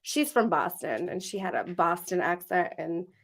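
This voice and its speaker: A woman's voice: lowish voice, lively intonation, moderate pace. A woman co-hosting a podcast, chatting casually and laughing often. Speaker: podcast co-host. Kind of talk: casual chat.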